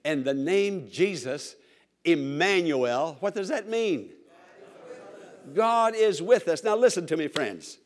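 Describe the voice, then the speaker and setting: A man's voice: on the high side, animated, slow. A man preaching a sermon to a congregation, emphatic and repetitive, calling for responses.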